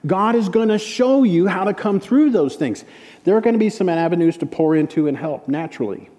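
A man preaching a storytelling sermon, slowing for emphatic repeated refrains and then dropping quick and hushed to tell a story. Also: a little high, animated. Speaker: preacher and ministry director. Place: conference hall. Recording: long reverb of a large hall.

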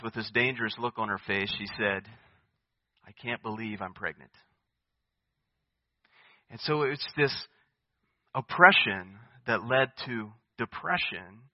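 A man's voice: medium pitch, no room sound. An earnest male pastor delivering a sermon, his voice pleading and rising to emphatic peaks. The sound is dull and muffled, like a radio broadcast, with a close, dry feel.

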